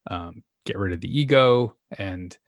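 A man's voice: low voice, measured pace, no echo, clean studio sound. A man co-hosting a podcast, telling candid personal stories in casual conversation. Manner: candid, storytelling. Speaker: podcast co-host.

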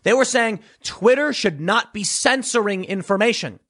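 A male commentator holding forth in a sarcastic monologue. His voice sits high and sounds husky, and it rises and falls in big, lively swings. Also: moderate pace. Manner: animated, sarcastic, mocking voices of others. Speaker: political commentator. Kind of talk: opinion monologue.

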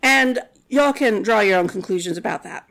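A woman's voice: medium pitch, animated, moderate pace, vocal fry, a bit bright. A woman casually retelling a Bible story in a chatty, sarcastic way, full of "like". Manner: chatty and sarcastic, many "like" fillers.

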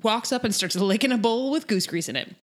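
Her fairly high voice has lively intonation and moves a little fast. She's a podcast co-host animatedly recounting scenes in easygoing recap chat.

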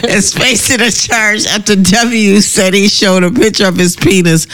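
High-voiced man reading odd news. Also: fairly even intonation, measured pace, a bit bright. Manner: laughs often, reads stories aloud with banter. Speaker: podcast co-host. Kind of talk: casual chat reading news stories.

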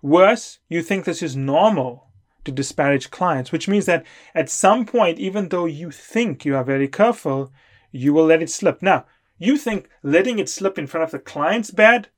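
A man's voice: fairly high pitch, expressive, moderate pace. A middle-aged man giving an emphatic, lecturing talk as a consulting coach. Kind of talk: lecture to camera.

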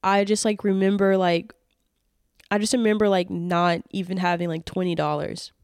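A woman's voice: fairly low pitch, flat delivery, moderate pace, darkish tone, smooth, no room sound, clean studio sound. A woman, hosting a solo podcast and speaking earnestly and emotionally, with lots of fillers and restarts. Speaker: podcast host.

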